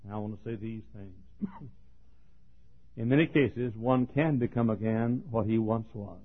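A man's voice: lowish voice, measured pace, husky. Preacher man on a tinny old recording. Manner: builds to ringing shouts, then drops to a hush. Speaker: pastor. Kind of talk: sermon. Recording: phone-like narrow band.

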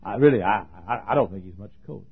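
A husky male pastor preaching a folksy, joking sermon that swings from hushed talk to shouting. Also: lowish voice, animated, fast. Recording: tinny lo-fi sermon recording.

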